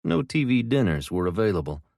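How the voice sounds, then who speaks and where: A man voicing a gruff army team leader barking brisk orders. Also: lowish voice, big pitch swings, darkish tone, no echo, clean studio sound, pitched above the performer's own voice. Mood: commanding.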